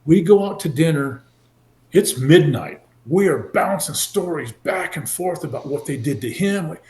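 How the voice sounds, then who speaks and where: A man in his sixties from California, a former football player telling his story in an animated way and acting out the people he quotes. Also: on the high side, a little slow. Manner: animated, acts out quoted voices. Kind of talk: casual storytelling interview. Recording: roomy echo.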